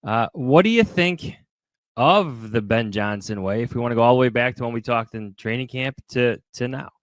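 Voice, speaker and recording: A man's voice: medium pitch, normal speed, no room sound. A man co-hosts a sports podcast in a mid-range voice, recorded dry and close. He stays easygoing and slips in light jokes. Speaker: podcast co-host. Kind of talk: casual podcast chat.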